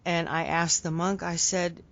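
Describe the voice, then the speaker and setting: A woman's voice: lowish voice, little pitch movement, measured pace, fairly bright tone. A woman hosting an interview, asking questions in a friendly way and laughing often. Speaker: interview host. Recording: dull lo-fi audio.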